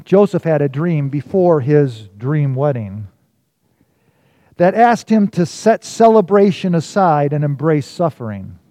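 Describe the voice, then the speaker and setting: A man preaching a sermon, telling a story and swinging from loud emphasis to hushed, quiet lines. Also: on the high side, lively intonation, a little slow, dry recording. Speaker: pastor.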